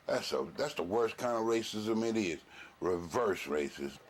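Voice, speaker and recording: A man hosting a reaction video, ranting in profane, animated casual commentary. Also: lowish voice, moderate pace, a little hiss or hum.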